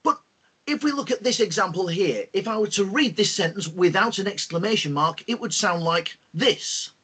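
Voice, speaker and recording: A man hosting an online lesson for school pupils, talking in a lively, expressive teacher's way with plenty of fillers. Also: sits high, normal speed, husky. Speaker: host.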